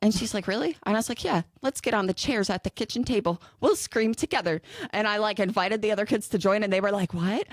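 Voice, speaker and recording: A woman's voice: medium pitch, fast talker, hardly any pauses, no room sound, clean studio sound. A woman co-hosting a podcast, chatting casually about her kids with a giggly, self-deprecating way of telling stories. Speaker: podcast co-host. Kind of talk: casual chat.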